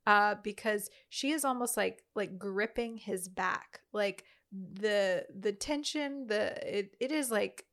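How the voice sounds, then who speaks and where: Gushing woman with a gravelly edge. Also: mid-range voice, slow pace, hardly any pauses, a bit bright. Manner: gushing, rambling with many "like" fillers. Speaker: podcast co-host reviewing a movie. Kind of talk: casual chat.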